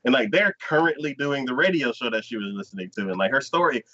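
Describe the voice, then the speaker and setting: A man retelling anime scenes on a casual podcast, his pitch leaping around as he acts out each character. His voice is bright and forward, and the recording is dull and lo-fi. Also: fast. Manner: animated storyteller acting out scenes, frequent "like". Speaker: podcast co-host. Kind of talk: casual anime review chat.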